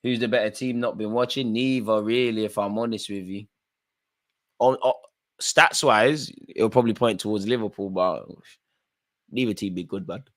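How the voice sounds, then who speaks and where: A man's voice: on the low side, normal speed. A man hosting a live football watchalong, calling out players by name and bantering in casual slang. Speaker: watchalong host.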